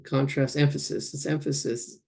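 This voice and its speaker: A man with a gravelly, mellow voice leads a live painting demonstration. He talks through each brushstroke as he goes and often pauses to hunt for the right word. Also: mid-range voice, little pitch movement. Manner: thinks aloud while painting, searching for words. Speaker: art instructor.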